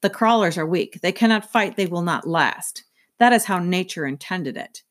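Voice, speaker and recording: A woman's voice: fairly low pitch, lively intonation, moderate pace, natural voice. A woman voicing a haughty, dismissive young man in a read-aloud, curt and scornful.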